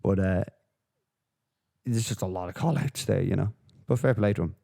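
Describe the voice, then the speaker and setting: On his solo podcast, a man offers casual commentary that is profane, rambling, and full of fillers. He talks at a normal speed, his fairly low voice creaky and dark in tone.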